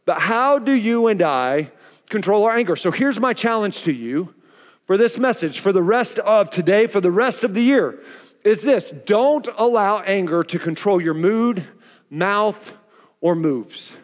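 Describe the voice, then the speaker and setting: A man's voice: sits high, a little slow. A male pastor preaching a sermon, telling stories and acting out the voices in them, recorded in a church hall. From Oklahoma. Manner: animated storytelling, acts out quotes. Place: church auditorium.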